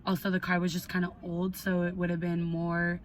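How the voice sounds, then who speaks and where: A young adult woman telling a casual storytime on her vlog, animated, swearing freely and peppering her talk with "like". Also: fairly low pitch, brisk, slight background noise. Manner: animated, heavy swearing, lots of "like". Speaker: vlogger.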